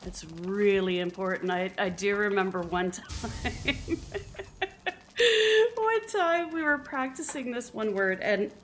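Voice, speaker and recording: Canadian woman game streamer, unhurried and chatty, medium pitch, laughs a lot. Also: expressive. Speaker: live streamer. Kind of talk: casual chat while streaming a game.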